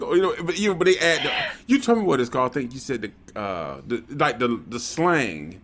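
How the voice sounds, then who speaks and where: American man, podcast co-host, casual chat, easygoing, lively pitch. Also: brisk, hardly any pauses. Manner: easygoing, searching for words.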